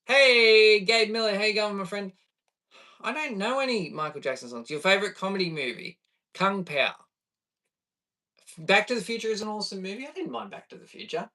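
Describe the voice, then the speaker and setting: A man's voice: sits high, expressive, fairly quick, pushed and bright, distant mic. A man chatting casually on a live stream, reacting to chat and laughing easily. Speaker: livestreamer.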